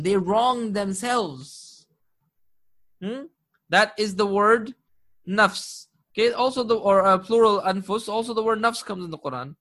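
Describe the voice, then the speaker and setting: A man lectures on Arabic grammar, giving English explanations of the terms and repeatedly quizzing the class with "right?" and "correct?" Quranic verses come out quickly in Arabic as he recites them. His voice sits high and sounds a bit bright.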